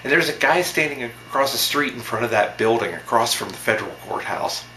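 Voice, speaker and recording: A man's voice: medium pitch, lively intonation, fairly quick, pushed and bright, reverberant, slight background noise. A man vlogger telling a story in a casual, rambling way, repeating himself, restarting sentences and sounding amused.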